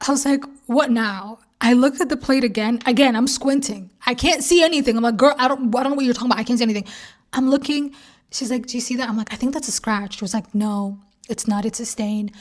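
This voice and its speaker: Young woman vlogger, slightly high voice, animated storyteller who acts out quotes. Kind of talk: casual storytime.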